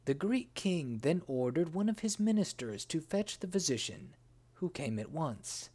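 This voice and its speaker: A narrator reads an old fairy tale slowly and carefully. The pitch rises and falls with a lively swing. The delivery is unhurried throughout. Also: husky. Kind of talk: scripted storybook narration.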